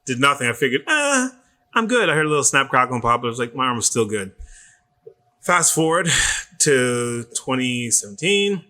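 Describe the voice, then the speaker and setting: Animated, swearing male personal trainer. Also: mid-range voice, a little fast. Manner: animated storyteller who acts out quoted voices and swears freely. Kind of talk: casual podcast chat.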